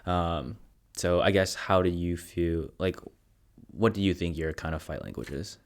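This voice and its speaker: A man hosting a podcast, chatting in a relaxed way and laughing often. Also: deep voice, a little slow. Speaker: podcast host. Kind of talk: casual interview chat.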